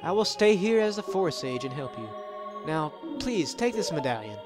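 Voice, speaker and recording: A man voicing a gentle young forest girl sage from a video game, in a soft, high, girlish put-on voice. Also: very animated, normal speed, loud music behind the voice. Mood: sweet. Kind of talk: playful voice reading of game text.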